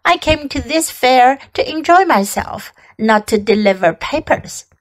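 A greedy, boastful male rat sneers through his lines in a high, unhurried voice, as a woman reading aloud puts him on. It is a storybook rat, selfish and smug. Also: animated. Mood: sneering.

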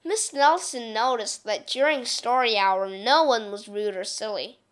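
A woman reading a children's picture book aloud in an expressive, unhurried way. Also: a little high. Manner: expressive, slow, lively reading. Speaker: storyteller.

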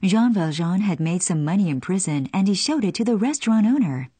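A woman narrating a children's storybook in an expressive storytelling cadence. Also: medium pitch, brisk, breathy edge, no echo.

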